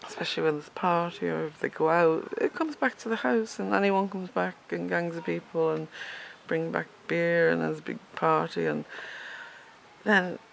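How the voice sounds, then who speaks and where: Fifties woman, low and gravelly, blunt rambling storyteller who swears freely. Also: fairly even intonation, moderate pace, slight background noise. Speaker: vlogger.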